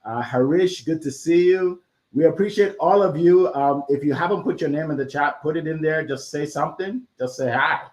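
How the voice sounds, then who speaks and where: A man's voice: a little high, moderate pace. A man hosting a live online panel over a video call, greeting viewers energetically with lots of fillers. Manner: energetic, filler-heavy welcomes. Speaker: host.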